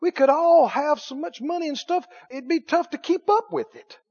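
A man preaching a sermon in a folksy way, dropping to hushed lines and rising to loud exclamations. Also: very high voice, lively intonation, moderate pace. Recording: dull lo-fi sermon recording.

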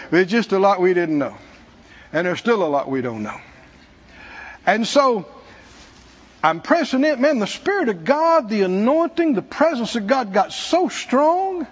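Male preacher, high lively voice, storytelling sermon, long church echo. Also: husky, highs cut off. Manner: storytelling, self-mocking, animated. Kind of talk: testimony sermon.

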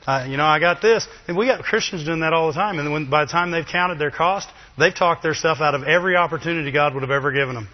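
A man preaching a sermon in a lively, chatty way, with asides to the congregation. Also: a little high, fast talker, hardly any pauses. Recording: dull, long reverb of a hall.

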